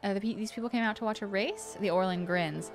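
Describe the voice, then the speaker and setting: A woman's voice: mid-range voice, quick pace. Gaming streamer: woman narrating game text, chatty asides, game music under. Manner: chatty, reacting between narrated passages. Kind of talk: let's-play, reading game text aloud.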